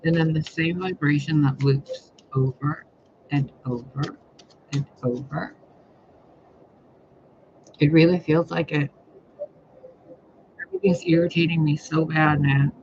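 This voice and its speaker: A man's voice: fairly high pitch, vocal fry, lo-fi sound, slight background noise. A man doing tarot readings, talking in a rambling, blunt way with a lot of swearing. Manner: profane, expressive, blunt. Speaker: tarot reader. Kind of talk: rambling casual monologue.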